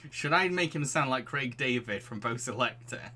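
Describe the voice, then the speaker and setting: Bright, lively male game streamer. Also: mid-range voice, moderate pace. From England. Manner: giggly, animated, reads the game aloud. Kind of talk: let's play commentary.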